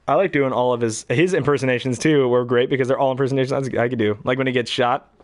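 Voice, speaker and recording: A man's voice: mid-range voice, steady tone, quick pace, dry recording, studio quality. A young man casually chatting between impressions, rambling and hesitant with many fillers. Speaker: hobby voice actor.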